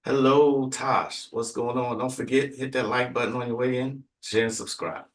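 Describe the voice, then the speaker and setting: A man from Texas chats casually as a livestream host, rambling and unhurried, stopping often to fill gaps. His voice sits at a middling pitch. It sounds like he is a little away from the mic in a roomy, echoey room. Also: steady tone, distant mic, slight background noise. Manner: laid-back, rambling with many fillers and asides.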